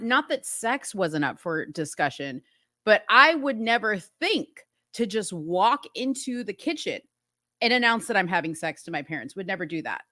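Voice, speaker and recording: A woman's voice: mid-range voice, bright, forceful tone, no echo, studio quality. A woman hosting a talk show, giving indignant, incredulous commentary on a TV episode with laughing asides. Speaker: host.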